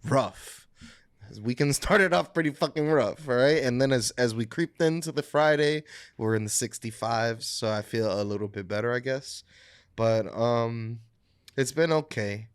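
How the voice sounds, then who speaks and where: A man with a mid-pitched voice on a close, dry mic chats about his week on a podcast. He jokes loosely and swears freely. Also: normal speed, clear, resonant tone, dry recording. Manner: loose, joking, profane. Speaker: podcast co-host. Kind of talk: casual chat.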